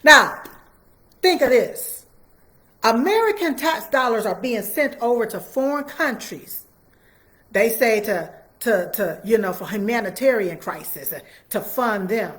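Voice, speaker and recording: Woman, slightly high voice, fiery repetitive livestream commentator. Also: big pitch swings, normal speed, a bit bright. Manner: fiery, repetitive, preachy, talks straight to viewers. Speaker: political commentator answering viewers.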